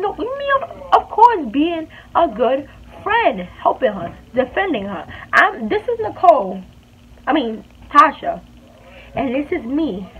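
A woman vlogger retells a story in a lively, chatty voice that sits a little high. Her voice comes through thin and phone-like, with a faint hiss in the background. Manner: animated, chatty retelling with emphatic repeats. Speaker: beauty vlogger. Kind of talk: storytime vlog.

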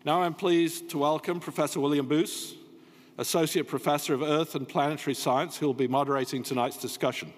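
An older man, a dean, giving prepared welcome remarks to introduce a panel in a measured, formal manner. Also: a little high, steady tone. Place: lecture hall. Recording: long hall reverb.

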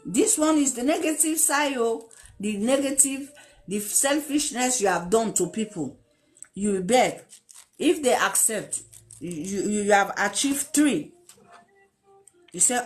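A woman's voice: medium pitch, animated, unhurried. A woman gives an impassioned moral talk, repeating words for emphasis and acting out quoted pleas. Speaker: speaker giving life advice.

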